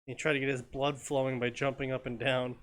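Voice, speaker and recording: A man hosting a casual show, reading fanfiction aloud in a deadpan, sarcastic way and swearing freely. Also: medium pitch, fairly quick.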